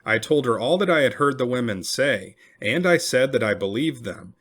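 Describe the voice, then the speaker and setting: A man reads a historical first-person account aloud at a middling pitch. His delivery swings widely in pitch, and he lifts his voice when quoted people cry out. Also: moderate pace. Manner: expressive, raising the voice for cried-out quotes. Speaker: reader. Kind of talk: reading a historical memoir aloud.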